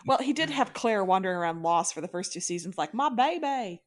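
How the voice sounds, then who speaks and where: A woman's voice: fairly low pitch, expressive, quick pace. Playful female podcast co-host. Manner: playful, joking, reads news items. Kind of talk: casual chat.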